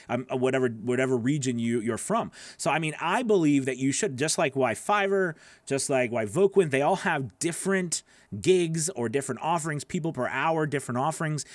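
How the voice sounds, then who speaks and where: A man's voice: mid-range voice, no room sound. A man hosting a live-stream voice-over coaching session, reading out viewer questions and answering in a loose, rambling way. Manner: rambling, answers viewer comments, many restarts.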